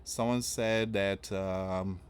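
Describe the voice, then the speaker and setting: A man with a fairly low voice hosts his own news commentary channel. He talks casually and loosely, circling back with repeated asides to his viewers. He reads items out, then reacts to them with pointed questions. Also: fairly even intonation, very slow, a little hiss or hum. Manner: rambling, repetitive, often restarting with "again" and "guys".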